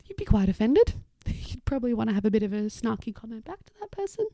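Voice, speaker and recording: Dark-toned woman with a gravelly edge. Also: a little high, big pitch swings, quick pace, dry recording. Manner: warm explanatory, acts out little quoted voices. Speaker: occupational therapist podcast host. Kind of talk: casual educational talk.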